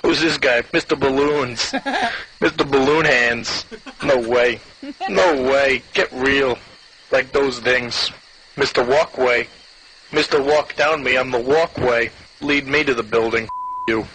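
An actor playing a petty, foul-mouthed New York man with a heavy accent, rambling through an animated comedy bit. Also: medium pitch, slow pace, a crowd in the background, close to an everyday voice, low-quality recording. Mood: scornful. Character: crude ranting New York guy, petty and scornful.

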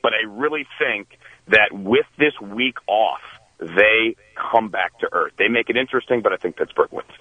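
A man's voice: on the low side, moderate pace, no room sound, narrow, tinny audio. A man giving football picks as a guest on a radio show, emphatic and repeating words for stress. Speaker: sports guest. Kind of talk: casual radio analysis.

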